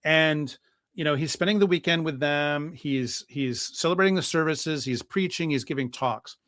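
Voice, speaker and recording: A priest telling a church history story in a lively talk-show conversation, with plenty of fillers and restarts. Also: male voice, fairly high pitch, normal speed, no echo. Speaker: guest priest.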